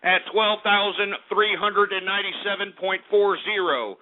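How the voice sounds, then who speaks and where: A male radio show host reading a market report in a brash, boastful and excitable manner, cursing freely, over a tinny, phone-like radio line. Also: sits high, moderate pace.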